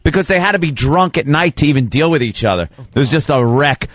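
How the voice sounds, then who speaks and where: A middle-aged man, co-hosting a radio show and telling stories in an animated way, acting out shouted voices. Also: fairly high pitch, quick pace, no room sound, lo-fi sound. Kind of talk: casual storytelling on radio.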